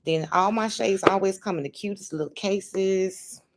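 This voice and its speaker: A woman's voice: medium pitch, normal speed, noisy background. A woman hosting a casual livestream, talking emphatically and calling her viewers honey and baby. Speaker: livestream host.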